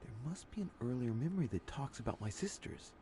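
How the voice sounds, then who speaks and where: A man's voice: mid-range voice, sing-song, fast, mellow, slight background noise, lightly acted. An actor voicing a composed, guarded young nobleman in a video game, speaking curtly and levelly.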